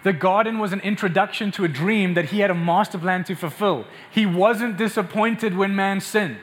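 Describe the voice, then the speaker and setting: A man's voice: high-pitched, moderate pace. A man preaching a sermon with passion, often repeating words as he builds up. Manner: impassioned, repeats words when excited.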